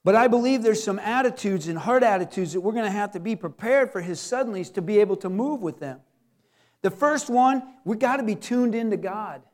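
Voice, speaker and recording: High-voiced man preaching animatedly. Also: animated, a little fast. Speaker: pastor. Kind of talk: sermon.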